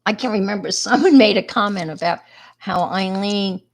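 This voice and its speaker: A woman's voice: mid-range voice, normal speed. A middle-aged woman with a New York accent, chatting casually with viewers on a crafting livestream and greeting them by name.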